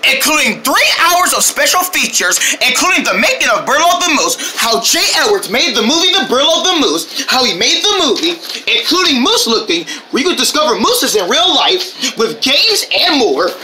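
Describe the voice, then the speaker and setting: A woman narrating a homemade DVD trailer in an excitable, playful way, breaking into shouts and sound effects. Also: high-pitched, normal speed, very noisy.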